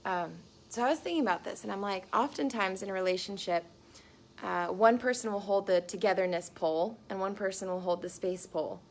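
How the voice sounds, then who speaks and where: A woman's voice: mid-range voice, a little fast. A young adult woman speaking live to viewers from her small home into a phone camera, in an earnest, chatty way full of likes and ums. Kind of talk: live-streamed casual talk to viewers.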